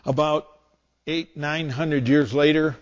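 A man's voice: on the high side, fairly even intonation, takes it slowly, lo-fi sound. A man preaching a sermon in a storytelling way, acting out scenes with different voices.

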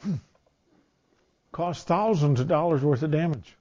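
A male preacher talks through a sermon like a storyteller, loose and conversational. His voice sits a little high for a man. The recording is dull and lo-fi. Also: a little slow, a little mellow. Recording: dull lo-fi sound.

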